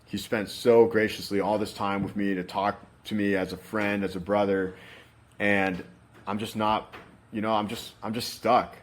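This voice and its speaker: A man's voice: on the low side, little pitch movement, normal speed. A young man telling his own story in a candid, casual way, swearing freely and filling his talk with "like" and "you know". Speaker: interview guest.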